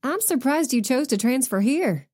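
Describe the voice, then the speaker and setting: A woman's voice: high voice, expressive, moderate pace, a little mellow, slightly rough, pitched above the performer's own voice. A woman doing a chatty Southern woman agent. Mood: cheerful. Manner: friendly, chatty.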